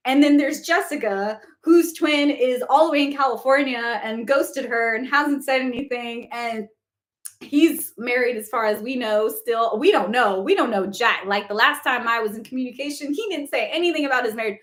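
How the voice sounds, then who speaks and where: A woman chats casually to her audience on a long live stream. She fills her talk with "like" and breaks into easy laughter. Her voice is turning hoarse after hours of speaking. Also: on the high side, normal speed, fairly bright tone, echoey room. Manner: chatty, says "like" often, laughs easily. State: voice going hoarse from talking for hours. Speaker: host of a spiritual live Q&A.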